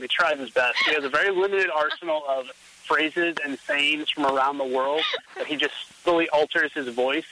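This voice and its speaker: A man's voice: on the high side, pushed and bright, a little hiss or hum, low-quality recording. A man co-hosting a podcast, in casual, upbeat, joking chat with his co-host.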